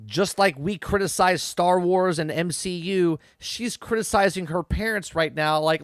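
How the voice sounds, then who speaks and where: A man's voice: high-pitched, a little slow, hardly any pauses, no echo, studio quality. A man, a parent, casually recapping and reviewing a TV episode, chatty, repeating himself and tossing in "okay?" and "right?" as he goes. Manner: chatty, repeats words and restarts, frequent "okay?" and "right?" asides. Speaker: podcast host reviewing a TV episode.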